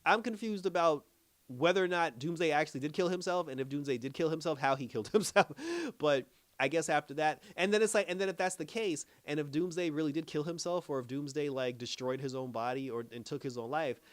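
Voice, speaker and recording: A man's voice: a little high, fast talker, no echo. A man reviewing a TV episode in a casual chat. He retells the scenes with lots of quoted lines and chuckles often. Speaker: show reviewer. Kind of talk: casual recap.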